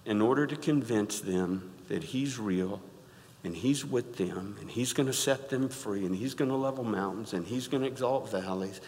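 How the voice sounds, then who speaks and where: A middle-aged man preaching a sermon in a church, animated and rising to loud exclaims, often asking the congregation to answer back. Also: fairly low pitch, normal speed, a little hiss or hum. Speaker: pastor. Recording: reverberant church hall.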